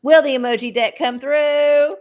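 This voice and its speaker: Slow-talking profane woman streamer. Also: high-pitched, fairly even intonation, a little mellow. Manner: profane, rambling, laughs often. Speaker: livestream host giving oracle card readings. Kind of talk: casual live-stream chat.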